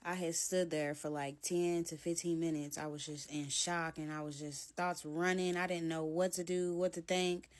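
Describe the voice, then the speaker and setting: A woman's voice: on the low side, level tone, moderate pace, hardly any pauses. A woman telling a personal story in casual storytime style, candid and blunt, walking through the events step by step.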